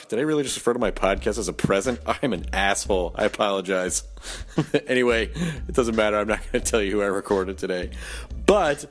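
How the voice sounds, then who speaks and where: A man's voice: animated, a little fast. A man hosting a podcast with a nearly lost voice, rambling and self-mocking through an intro and ad read. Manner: rambling, self-mocking, jumps between high and low. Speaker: podcast host.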